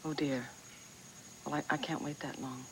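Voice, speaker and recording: A woman's voice: low-pitched, little pitch movement, moderate pace, slight background noise, rough recording. An actress in a 1980s soap opera playing a determined woman who pleads urgently for access to old files. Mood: eager.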